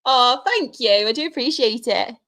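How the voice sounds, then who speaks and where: A young Mancunian woman answers questions from her live-stream chat, laughing often and bantering with viewers in a casual way. Her voice is a little high, expressive and fairly bright, moving at a moderate pace.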